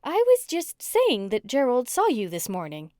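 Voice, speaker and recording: A woman voicing a fussy older female friend in an audiobook, excited and gushing. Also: a little high, normal speed, no room sound, studio quality, voice pushed up.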